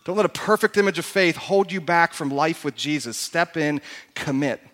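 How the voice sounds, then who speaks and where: A man pastor giving an emphatic, animated sermon in a church hall. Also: a little high, normal speed. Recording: echoey hall.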